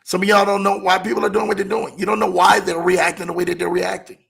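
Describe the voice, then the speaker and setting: A man hosting a motivational talk show, repeating his key points and slowing down to stress them. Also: sits high, level tone, gravelly, a bit bright. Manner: preachy, repeats key lines, slows for emphasis.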